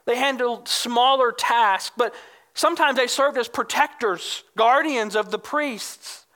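Preacher with a bright, clear tone; emphatic sermon delivery that explains and reads scripture. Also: mid-range voice, unhurried. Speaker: pastor.

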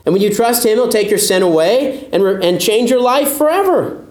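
Emphatic high-voiced male preacher. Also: animated, normal speed, a little mellow, echoey room. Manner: earnest, emphatic preaching that acts out quoted doubters in a higher voice. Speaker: pastor. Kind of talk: sermon.

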